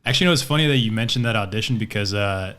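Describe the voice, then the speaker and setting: A man co-hosting a podcast in casual chat, rambling through stories and getting animated when retelling them. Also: on the low side, rapid-fire. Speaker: podcast co-host.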